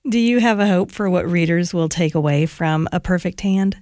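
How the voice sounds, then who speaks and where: A woman interviewer asking measured questions about a novel. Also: fairly low pitch, darkish tone, no room sound, studio quality.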